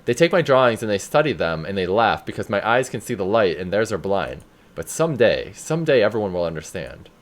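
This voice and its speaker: A man's voice: on the low side, big pitch swings, a little fast. A man voicing an eccentric male asylum patient who rambles grandly about his art, read aloud during a game playthrough. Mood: grandiose.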